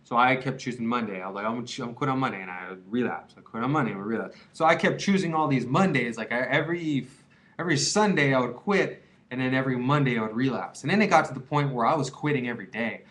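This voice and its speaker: A young man in his twenties speaks straight to the camera in a relaxed, confessional vlog. His talk is loose and rambling, full of slang and fillers like "dude" and "man". His voice sits at an ordinary middle pitch. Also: fast. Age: 20s. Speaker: vlogger giving advice on quitting. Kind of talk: casual confessional monologue to camera.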